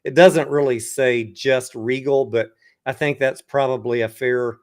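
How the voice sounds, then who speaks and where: A man in a casual online chat, speaking in a relaxed, hesitant way as he thinks aloud. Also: medium pitch, measured pace. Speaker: co-host.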